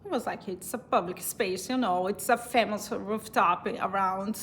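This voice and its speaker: A woman's voice: medium pitch, moderate pace, a bit bright, a little hiss or hum. A woman from Brazil with a Brazilian accent, casually telling a personal story in English, chatty and laughing often between fillers and restarts.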